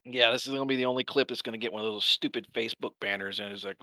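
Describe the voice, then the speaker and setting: A man co-hosting a film podcast, cracking jokes and tossing in quick asides with frequent laughs. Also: mid-range voice, sharp tone, dry recording. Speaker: podcast co-host. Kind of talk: casual chat about a film.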